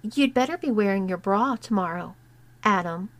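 A woman's voice: mid-range voice, animated, moderate pace, lightly acted. A woman voicing a cruel teenage girl bully with a taunting delivery.

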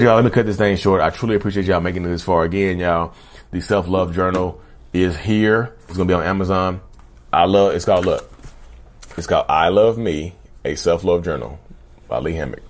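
Deep-voiced man. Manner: conversational, keeps addressing viewers as "y'all". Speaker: vlogger talking about narcissism. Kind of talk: casual direct-to-camera monologue.

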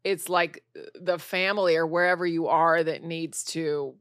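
Lively, dry-voiced woman comedian. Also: sits low, moderate pace, no echo. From raised partly in Spain. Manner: animated storytelling, acts out quoted voices. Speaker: guest comedian. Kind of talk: casual podcast chat.

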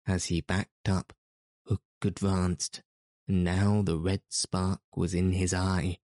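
A man narrates a story in a deep, dark, mellow voice. He reads slowly and steadily, with very little rise and fall. The sound is close and dry. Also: no echo. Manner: measured, even storytelling. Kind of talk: audiobook narration.

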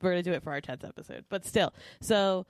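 A woman's voice: on the low side, quick pace, no room sound, clean studio sound. A woman co-hosting a podcast in casual chat, candid and laughing often, swearing freely. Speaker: podcast co-host.

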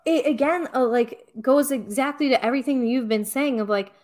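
A woman's voice: high voice, fairly quick, a little mellow. A woman co-hosting a podcast, chatting casually and animatedly, laughing often and acting out other people's lines. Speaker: podcast co-host. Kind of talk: casual chat recapping reality TV.

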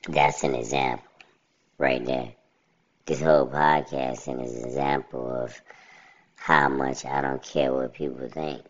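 A man hosting a casual solo podcast through a pitched-down robotic voice filter. He talks bluntly and rambles, often asking "you know what I'm saying". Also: steady tone, a little slow, dull audio. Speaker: podcast host.

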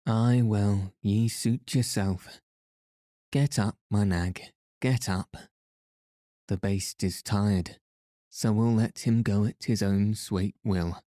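A jovial old Irish peddler with a sly, teasing brogue, as a man puts him on. He has a mellow voice and takes his time, unhurried and unforced, in a dry, close recording of a storybook reading. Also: lowish voice, steady tone, dry recording.

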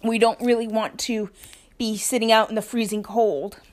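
A woman's voice: a little high, steady tone, moderate pace, dry recording. A woman talking casually and reflectively to her viewers, hesitant and searching for words with lots of fillers. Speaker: solo vlogger giving spiritual practice tips. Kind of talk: casual reflective talk to camera.

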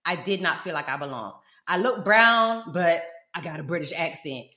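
Animated, bright-voiced woman guest. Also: lowish voice, moderate pace, echoey room. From Jamaican parents, grew up in South Florida. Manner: animated, emphatic, quotes others in lively voices. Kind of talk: candid conversational storytelling.

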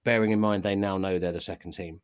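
A man co-hosting a casual football podcast, talking in halting restarts. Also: deep voice, steady tone, clean tone, dry recording, clean studio sound. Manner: hesitant restarts, chatty. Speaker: podcast co-host.

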